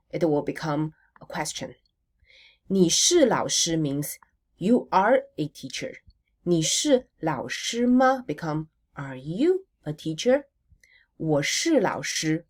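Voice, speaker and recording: A woman teaching a recorded language lesson. She models words slowly for repetition and answers her own questions. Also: low-pitched, darkish tone.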